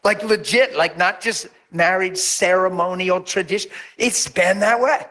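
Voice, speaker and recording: Animated preaching man. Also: a little slow. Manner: animated storytelling, acts out voices with big pitch jumps; drops to a near whisper for emphasis. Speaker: pastor. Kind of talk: sermon.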